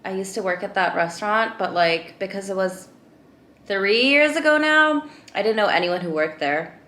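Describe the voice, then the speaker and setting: A young woman chats into the camera, retelling her day with plenty of fillers and animated turns. Her voice is bright and carries a clear ring. The room around her sounds echoey. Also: mid-range voice, moderate pace. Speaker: vlogger. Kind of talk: casual vlog storytelling.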